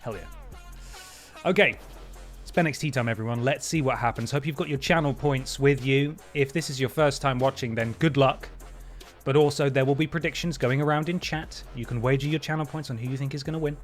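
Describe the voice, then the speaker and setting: Now at a medium pitch and a fairly quick pace, the host keeps up his relaxed stream chat over soft music. He's wry and talkative, thanking viewers with playful jumps in his voice.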